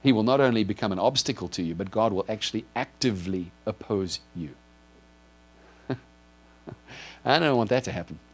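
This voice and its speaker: An earnest male pastor delivering a sermon, his voice sitting on the lower side. He keeps turning to his listeners with direct questions and checks that they follow along. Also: moderate pace, pauses often. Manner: explains with a drawn board, asks if listeners follow.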